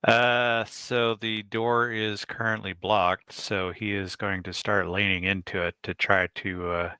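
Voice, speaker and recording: A man's voice: on the low side, flat delivery, a little slow, sharp tone, smooth, dry recording. A man playing in a tabletop role-playing game, hesitant and working out his actions aloud. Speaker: player. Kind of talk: casual tabletop play.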